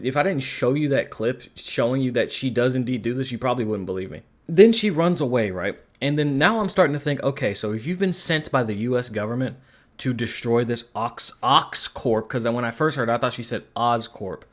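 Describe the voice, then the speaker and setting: A man's voice: medium pitch, lively intonation, fairly quick. A man giving a casual spoken film review, rambling and sarcastic, swearing casually. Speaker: movie reviewer.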